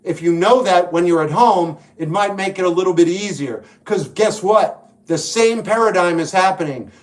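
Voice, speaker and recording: This livestream host and musician, a New Jersey man from the New York / New Jersey area, chats casually while answering viewers. His voice is high-pitched at a normal speed, and he reads out comments before offering blunt, wry advice.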